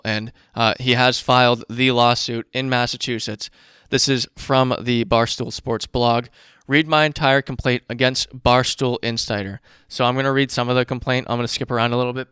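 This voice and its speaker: Smooth, heated man ranting on a podcast. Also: medium pitch, a bit bright, dry recording, clean studio sound. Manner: profane, worked-up ranting with running math. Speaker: podcast host. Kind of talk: casual ranting commentary.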